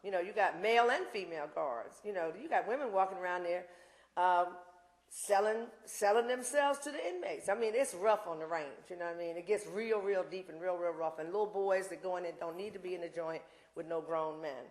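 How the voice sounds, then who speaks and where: An invited speaker in her sixties gives a campus talk with audience Q&A in a university lecture room, where the hall echoes. Her voice is fairly low and fairly quick, and she comes across as impassioned and blunt, rambling off into asides.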